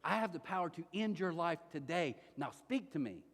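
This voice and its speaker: Here a man acts out a domineering Roman governor who taunts his prisoner in slow, imposing phrases. The voice sits high and swings widely in pitch. Long reverb trails each line from a large room. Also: lively intonation, a bit bright.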